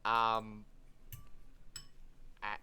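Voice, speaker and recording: A game master putting on a rattled male cleric who stammers through every sentence in a bright, slightly tense voice. He is sore and overwhelmed, and he speaks slowly between stumbles. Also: fairly low pitch, completely flat delivery, clear, resonant tone, full character voice. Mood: embarrassed. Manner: stammering, halting.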